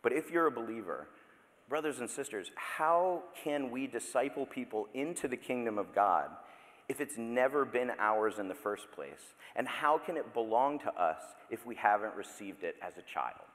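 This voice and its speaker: A man's voice: medium pitch, expressive, moderate pace, a bit bright. A man in his thirties preaching a sermon in a church, speaking conversationally with playful asides and self-interruptions. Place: church sanctuary. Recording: long reverb of a large hall.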